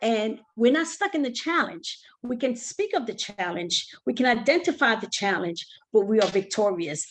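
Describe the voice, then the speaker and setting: A woman's voice: a little high, a little hiss or hum. A woman coauthor on a video call giving a fervent testimony and repeating her key phrases for emphasis. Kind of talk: testimony in a book talk.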